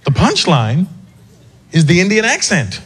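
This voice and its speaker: Animated male stand-up comic. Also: high voice. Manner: animated storytelling, quick asides. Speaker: stand-up comedian. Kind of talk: stand-up comedy set. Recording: live set with audience noise.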